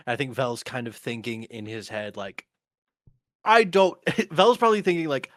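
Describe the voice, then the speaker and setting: A man playing a tabletop game, hesitant and quick to laugh. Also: medium pitch, sing-song, dry recording. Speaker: player.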